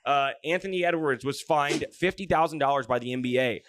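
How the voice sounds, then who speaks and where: A man hosting a casual sports podcast, telling stories in an animated, jokey way with plenty of swearing. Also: fairly high pitch, brisk, no room sound. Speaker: podcast host.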